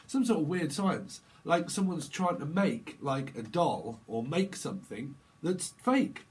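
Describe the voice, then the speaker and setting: A man giving a casual, rambling tarot reading, breaking into quick acted-out exchanges full of slang. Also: on the high side, sing-song, poor audio. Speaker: tarot reader.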